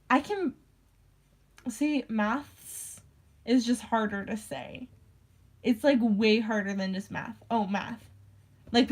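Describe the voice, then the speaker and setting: A woman's voice: on the high side, slightly rough. A young woman ranting casually in a vlog, rambling with constant "like" fillers and casual swearing. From United States. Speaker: vlogger. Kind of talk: casual rant.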